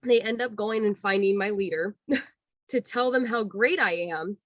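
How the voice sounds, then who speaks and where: A young woman in her twenties, a guest on a casual interview, telling a long personal story with lots of "like" and acting out quotes in a higher voice. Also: unhurried, no room sound, muffled recording. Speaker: guest, former theme park cast member.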